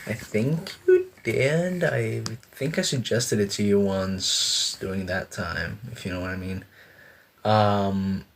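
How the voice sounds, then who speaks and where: A man's voice: on the low side, slow pace, a little hiss or hum. A young man streaming, chatting casually and rambling with lots of fillers as he laughs at himself. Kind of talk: casual live-stream chat. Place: sitting on a bed indoors.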